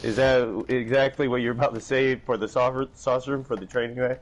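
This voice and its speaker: A man's voice: mid-range voice, fairly quick, a little hiss or hum. A man chatting casually on a live stream, telling stories and acting out phone calls. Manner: animated storytelling, acts out phone calls in raised voices. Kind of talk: casual chat.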